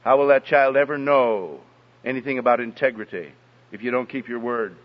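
A man's voice: mid-range voice, fairly quick. A man preaching a sermon, emphatic and storytelling, heard as a dull recording in an echoey hall. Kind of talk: sermon on parenting.

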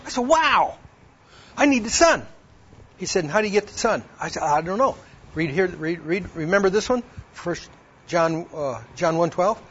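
A man with a slightly high, husky voice gives a personal testimony. He acts out both sides of an old conversation and reads verses aloud. The recording sounds dull and lo-fi. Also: moderate pace, a bit bright. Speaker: speaker giving a personal testimony. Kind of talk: personal testimony told to a women's audience.

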